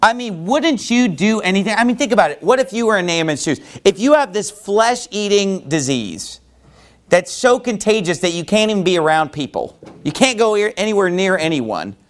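A man's voice: sits high, very animated, normal speed. A man preaching a sermon verse by verse in a loose, conversational way, often saying "you know.". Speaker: pastor. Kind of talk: expository sermon on a Bible passage.

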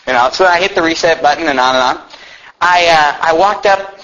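This man's voice sits a little high and sounds fairly bright, and he talks quickly. Preaching a sermon, he relates a story in an earnest, chatty way, often starting over and adding side remarks, captured on a muffled lo-fi recording.

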